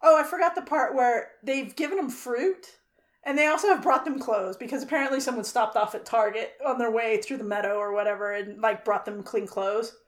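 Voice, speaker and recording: Woman co-host, casual film rant, somewhat high voice, animated and profane storytelling. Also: brisk. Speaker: podcast co-host.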